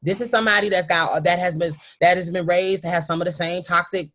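A woman's voice: on the low side, steady tone, a bit bright. Emphatic woman telling a personal story. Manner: emphatic, speaks straight to listeners; emotional, sometimes halting. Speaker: guest.

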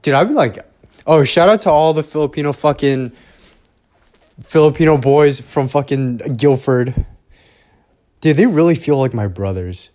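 A young man hosts a podcast solo from a home setup with headphones, rambling casually, swearing a lot and tossing in self-deprecating asides before trailing off. His voice is a little high and a little mellow, with lively intonation, a moderate pace and frequent pauses.

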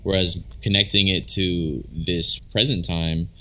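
A man's voice: deep voice, fairly even intonation, a little slow, sharp tone. A man casually discussing a movie with his co-host, agreeable and eager. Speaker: podcast co-host. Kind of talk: casual movie commentary chat.

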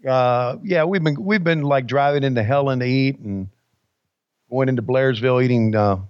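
This podcast co-host has a smooth, medium-pitched voice at normal speed, with no room sound. He's laid-back and rambling in casual chat, calling people buddy. The sound is dull and dry.

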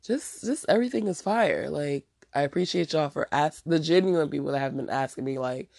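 A woman's voice: sits low, a little fast, creaky, few pauses, darkish tone, dry recording, clean studio sound. A woman hosting her own podcast, talking bluntly and profanely in a casual solo rant, with a stuffy nose. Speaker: podcast host.

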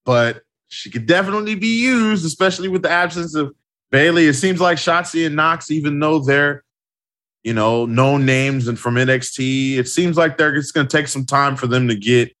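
A man's voice: mid-range voice, fairly bright tone. Emphatic man chatting on a podcast. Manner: emphatic, agreeable, repeats for emphasis. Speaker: podcast co-host. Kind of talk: casual wrestling podcast chat.

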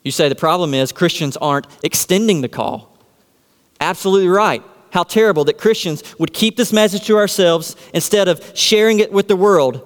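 A man preaching in a church, his fairly high voice ringing through the long reverb of a large hall. He keeps firing rhetorical questions at the congregation and answering them himself, leaning hard on his key points. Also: moderate pace. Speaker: pastor. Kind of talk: sermon.

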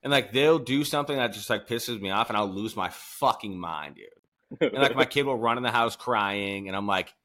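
A man's voice: lowish voice, normal speed, pushed and bright. A middle-aged man hosting a podcast, chatting casually, swearing freely and laughing as he tells stories. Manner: profane, laughing, storytelling. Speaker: podcast host. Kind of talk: casual chat.

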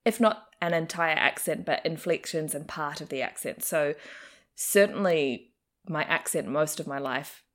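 A young adult woman, an actor and comedian, chats casually in an interview with a faint New Zealand accent, laughing often. Her voice is deep, a bit bright, and unhurried.

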